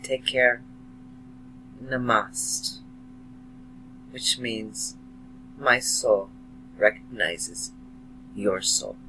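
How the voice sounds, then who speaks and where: A man slowly and emotionally addressing his viewers in a monologue about his beliefs. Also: medium pitch, pushed and bright, slight background noise, low-quality recording. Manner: slow, emotional, heartfelt, dramatic pauses. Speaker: video blogger. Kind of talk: slow earnest monologue to camera.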